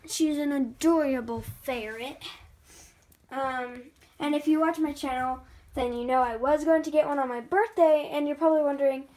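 Excitable high-voiced young woman vlogger. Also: moderate pace. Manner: chatty and excitable, quoting others. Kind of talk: casual vlog chat to camera.

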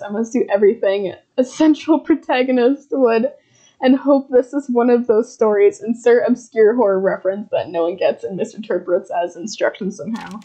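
Woman streamer playing a horror game, kinda high voice, curses a lot and laughs at herself, muffled sound. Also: dark tone. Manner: swearing, laughing at her own scares. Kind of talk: live gameplay commentary.

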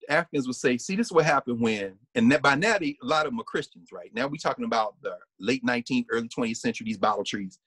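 A man giving an animated, conversational lecture as a guest. He often restarts his sentences and hums or sings short snippets to make his points. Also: mid-range voice, fast talker, hardly any pauses, husky, dry recording.

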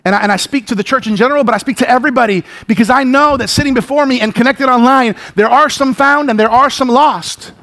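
A man preaching a sermon as pastor, passionate and rising to shouts, repeating words as he builds. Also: very high voice, fast talker, hardly any pauses. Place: church sanctuary.

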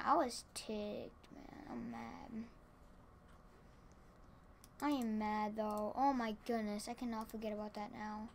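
A tired woman giving casual gameplay commentary at home, excitable and rambling, repeating her exclamations. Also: fairly high pitch, slow, gravelly, long pauses, slight background noise. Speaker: gaming channel host. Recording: keyboard clicks and typing behind.

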